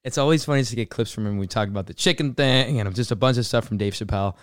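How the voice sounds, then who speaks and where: A man's voice: fairly low pitch, fast, clear, resonant tone, no room sound, clean studio sound. A man hosting a show, rambling in casual commentary with many fillers. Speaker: podcast host.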